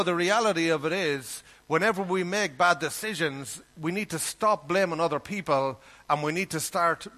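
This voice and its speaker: A sermon is delivered by a man whose voice is a little high and sharp in tone. He addresses listeners earnestly, as if in conversation, and reads scripture aloud using the King James wording.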